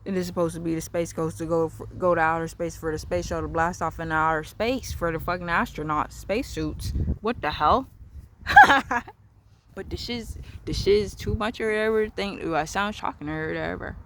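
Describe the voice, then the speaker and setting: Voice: medium pitch, a little fast, creaky, fairly bright tone, slight background noise. A vlogger talking in a casual, rambling, repetitive monologue outdoors in a backyard. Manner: rambling, repetitive, free-associating.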